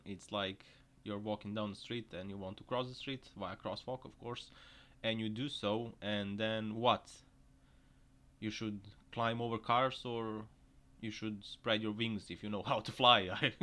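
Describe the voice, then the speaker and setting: A man's voice: fairly low pitch, steady tone, normal speed, bright, forceful tone. A man doing joking reaction commentary on driving clips, laughing often between remarks. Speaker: video commentator. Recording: noisy recording.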